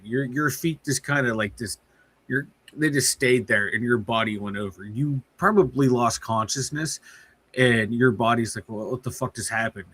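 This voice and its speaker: Husky, ranting male podcast co-host. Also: fairly bright tone. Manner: heated, profane ranting with big pitch swings. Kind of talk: casual sports podcast chat.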